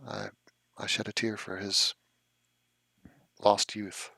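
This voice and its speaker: A man's voice: lowish voice, little pitch movement, slow pace, gravelly, bright, forceful tone, breathy edge, dry recording. A man chatting casually and wryly with friends while streaming over a voice call. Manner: wry, rambling. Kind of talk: casual chat.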